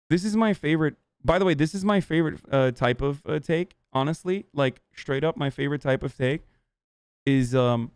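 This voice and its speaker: Male streamer, heated profane rant to chat, smooth resonant voice, fairly high, dry close sound. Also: a little mellow, no echo. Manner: profane, agitated, halting restarts.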